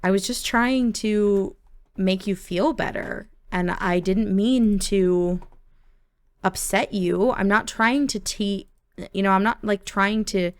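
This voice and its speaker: A woman voicing an earnest young man who speaks softly and reassuringly, like a caring older brother. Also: high-pitched, slow, clean tone. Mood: pleading. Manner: soft-spoken, reassuring, hesitant.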